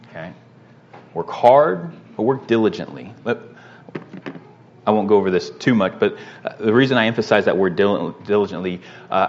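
Man, lowish voice, Bible class lesson, conversational with fillers, dull lo-fi recording. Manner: conversational, with fillers and repeated rhetorical "right?".

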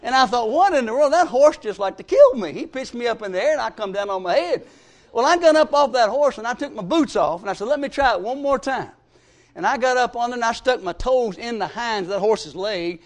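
A man preaching a sermon, telling folksy stories and swinging between emphatic rises and quiet drops. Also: extremely high pitch, animated, fairly quick.

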